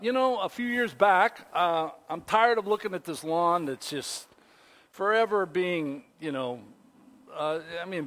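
A man preaching a sermon, telling a folksy story in a casual way with lots of fillers and restarts. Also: on the high side. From Pacific Northwest. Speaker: pastor.

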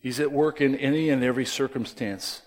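Fairly quick and mid-range in pitch, a pastor delivers his sermon in an emphatic, conversational style. He shifts between loud emphasis and soft drops, now and then turning to the congregation with asides.

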